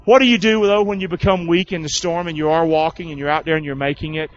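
A man's voice: fairly high pitch, fairly even intonation, quick pace, lo-fi sound, slight background noise. Call-and-response preaching man. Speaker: pastor. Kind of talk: sermon. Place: church hall with congregation.

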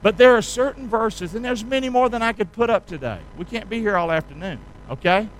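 High-voiced folksy preacher, man. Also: fairly quick, slight background noise, low-quality recording. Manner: call-and-response preaching, asks congregation to repeat; folksy, colloquial. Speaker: pastor. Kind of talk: sermon.

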